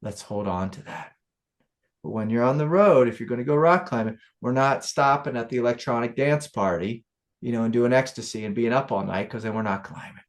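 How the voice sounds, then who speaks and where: A man, a spiritual teacher, giving a casual satsang talk to a student, telling stories in a loose, animated way. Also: mid-range voice, brisk.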